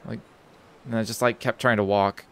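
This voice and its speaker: A man's voice: lowish voice, steady tone, normal speed. A young man streaming a video game, telling a story in a rambling, casual way, with lots of restarts, filler words and casual swearing. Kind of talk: casual storytelling while gaming.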